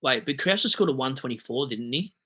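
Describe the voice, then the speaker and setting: Bright-voiced Australian man chatting on a livestream. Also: medium pitch, expressive, fairly quick, husky. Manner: rambling, jokey, self-deprecating, reading comments aloud. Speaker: livestream host answering viewer questions. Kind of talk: casual livestream chat.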